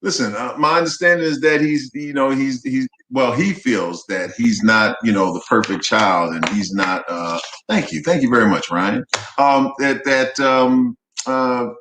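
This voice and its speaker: A man's voice: medium pitch, measured pace, fairly bright tone, a little hiss or hum. A man co-hosting a casual talk show, playful and rambling, with many restarts. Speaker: co-host. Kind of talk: casual chat.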